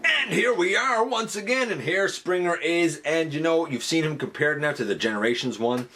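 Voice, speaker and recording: A man giving a casual product review, talking it through conversationally and jumping up in pitch on the words he stresses. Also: expressive, normal speed, bright, forceful tone, a little hiss or hum. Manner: conversational, weighing pros and cons, pitch jumping up on emphasis. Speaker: toy reviewer.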